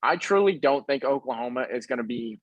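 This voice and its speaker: A man's voice: medium pitch, animated, a little fast, no room sound, dull audio. Young male podcast co-host, casual rambling sports talk, dry close sound. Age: young adult. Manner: rambling, laid-back, lots of fillers.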